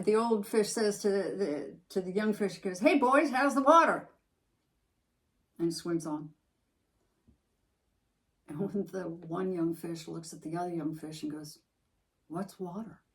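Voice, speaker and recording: A podcast co-host, a woman whose voice runs on the low side, speaks a little slowly about a book that mattered to her. Her casual chat is emphatic and animated, with restarts as she thinks aloud. The recording is of low quality.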